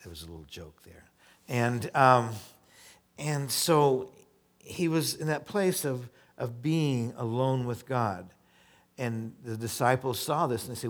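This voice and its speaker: A man's voice: mid-range voice, animated. Man preaching a conversational sermon. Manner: reads scripture slowly, then explains in casual asides; conversational, repeats words and restarts. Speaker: pastor.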